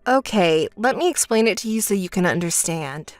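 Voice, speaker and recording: A woman voicing a calm, fed-up older sister in a texting story voice-over, flat and dismissive. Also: mid-range voice, normal speed, faint music behind, pitched below the performer's own voice, close to an everyday voice. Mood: dry.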